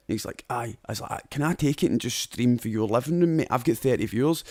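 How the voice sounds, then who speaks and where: A man's voice: mid-range voice, fast talker, a little mellow. A young Scottish man hosting a podcast, telling a sweary story with lots of laughter. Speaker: podcast host. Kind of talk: casual chat.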